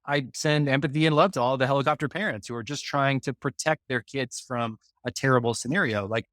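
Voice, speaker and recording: A man's voice: mid-range voice, brisk, fairly bright tone, no room sound, studio quality. A man hosting a podcast, talking in an earnest, rambling way with many fillers. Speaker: podcast host. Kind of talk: casual podcast conversation.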